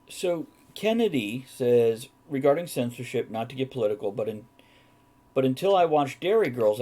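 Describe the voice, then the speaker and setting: A man's voice: mid-range voice, dark tone. A man hosting a podcast, casually reading out viewer comments and joking with frequent laughter. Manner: jokey, laughs often, reads viewer comments aloud. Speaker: podcast host reading chat. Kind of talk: casual chat.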